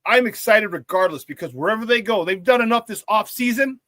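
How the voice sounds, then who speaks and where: Talking a little fast in a high-pitched voice with no echo, a Chicago-area man hosts a casual sports talk radio show. He reads the live chat aloud, repeats himself, and laughs often, animated throughout.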